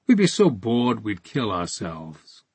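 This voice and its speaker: A man voicing a menacing, sarcastic male interrogator who taunts in a raised, husky voice. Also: lowish voice, wildly swooping pitch, slow, a little mellow, dry recording, full character voice. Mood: mocking.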